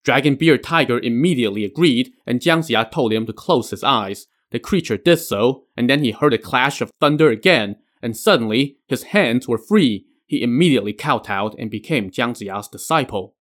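A man's voice: mid-range voice, animated, normal speed, hardly any pauses, a bit bright. A man hosting a podcast, retelling a legend with casual asides. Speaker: podcast host. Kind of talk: storytelling narration.

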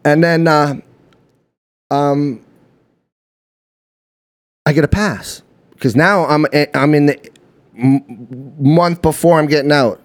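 Canadian man, podcast guest, casual storytelling, slightly high voice, animated, lots of fillers and laughs. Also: takes it slowly, long pauses. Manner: animated, fillers like "you know what I mean", laughs often.

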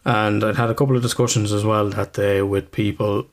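A man's voice: fairly low pitch, little pitch movement, a little fast. A man with an Irish accent, co-hosting a casual podcast chat, rambling, swearing freely and laughing at himself. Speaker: podcast co-host.

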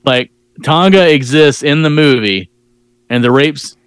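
A man's voice: fairly high pitch, a little slow, smooth, dry recording. A man co-hosting a casual podcast, wryly summing up a film's plot with frequent laughs. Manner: wry, laughs often, sums things up incredulously. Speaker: podcast co-host. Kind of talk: casual movie review chat.

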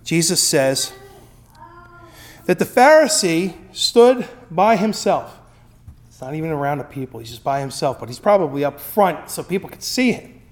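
High-voiced conversational male preacher. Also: expressive, moderate pace. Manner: conversational, with frequent tag questions. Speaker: pastor. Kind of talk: sermon.

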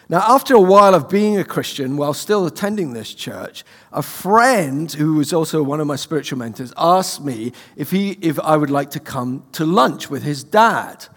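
A man's voice: on the high side, long reverb tail. A British man preaching a sermon, telling a personal story with humour. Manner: humorous, animated storyteller. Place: church.

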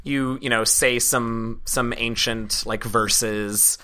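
A man running a tabletop game as game master, narrating the lore and the scenes. His voice has a bright edge, and he keeps an easy, unhurried storyteller pace with plenty of filler words. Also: mid-range voice. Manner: relaxed storyteller with frequent "uh" fillers.

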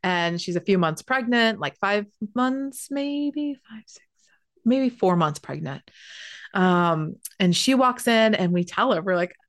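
A pregnant woman, telling a personal story in a chatty, animated way, with a lot of "like" and casual swearing. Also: mid-range voice, a little slow, dry recording, studio quality. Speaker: spiritual healer sharing a personal story.

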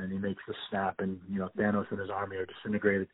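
Low-voiced man, tinny phone-like sound. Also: completely flat delivery, fast talker, breathy edge, no room sound. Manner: enthusiastic, rambling with many fillers and restarts. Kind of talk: casual movie discussion.

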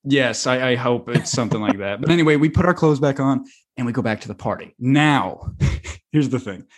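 Husky young man telling a rambling story. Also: medium pitch, brisk. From United States. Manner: rambling, animated, lots of fillers and swearing. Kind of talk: casual storytelling.

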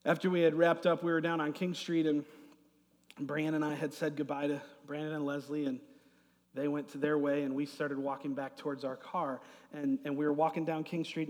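A middle-aged man preaching a sermon as pastor, swinging from loud emphasis to soft asides. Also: a little high. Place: church hall. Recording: long hall reverb.

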